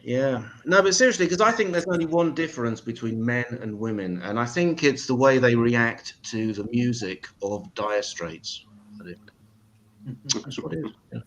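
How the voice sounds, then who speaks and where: A man hosting an open mic night and doing a stand-up set at home, with deadpan, sweary, mock-serious asides. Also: mid-range voice, normal speed, a little hiss or hum. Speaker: open mic host and comedian. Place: home in Italy.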